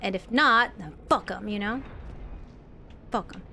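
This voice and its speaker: A woman's voice: mid-range voice, measured pace, vocal fry, bright, forceful tone, slight background noise. A woman streaming herself playing a game, chatting playfully with viewers and talking to herself, with the odd swear. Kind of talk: live gameplay commentary, chatting with viewers.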